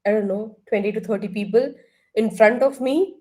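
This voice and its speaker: A woman leading an online counseling workshop, asking the group questions and now and then clearing her throat. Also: medium pitch, normal speed, warm tone. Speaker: workshop trainer. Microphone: laptop far across the room.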